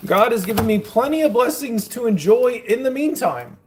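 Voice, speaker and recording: A young man with a notably high voice talks loosely and rambles while he fixes food in his home kitchen. He records on a phone held in one hand, with a faint hiss behind him. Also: very animated, moderate pace. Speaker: faith vlogger. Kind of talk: casual vlog chat.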